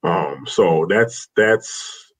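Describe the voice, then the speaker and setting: A man's voice: low-pitched, expressive, drawn-out words. A man talking as an interview guest, telling personal stories in an earnest, rambling way with many restarts. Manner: heartfelt, rambling with restarts, says "man" often. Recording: slightly dull lo-fi sound.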